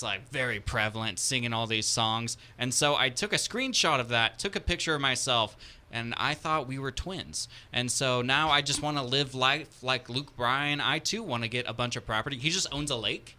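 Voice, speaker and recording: A man's voice: mid-range voice, moderate pace, bright, forceful tone. A man co-hosting a radio station's chat show, who tells stories in a chatty, enthusiastic way. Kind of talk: casual studio chat.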